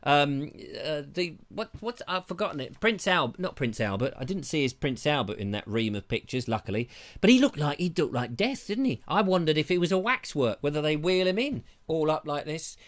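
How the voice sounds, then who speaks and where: A man's voice: fairly high pitch, big pitch swings, brisk. Rambling, jokey man. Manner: rambling, jokey, self-interrupting. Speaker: live show host. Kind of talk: casual live-stream chat. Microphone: lavalier.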